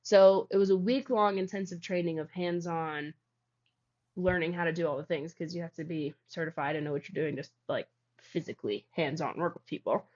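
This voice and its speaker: A woman's voice: fairly low pitch, steady tone, a little fast, a little mellow. A young woman, a guest on an interview show, tells a personal story in a casual, rambling way, filling her talk with "like". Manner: rambling, heavy use of "like". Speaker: guest, founder of a healing practice. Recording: dull lo-fi audio.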